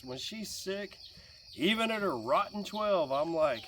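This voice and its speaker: A middle-aged man telling stories about family life in a casual, animated way, often laughing, sitting outdoors by a fire. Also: sits high, unhurried, a little hiss or hum. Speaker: vlogger and dad. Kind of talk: casual fireside storytelling. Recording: distant mic outdoors, faint crickets. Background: faint crickets and outdoor ambience.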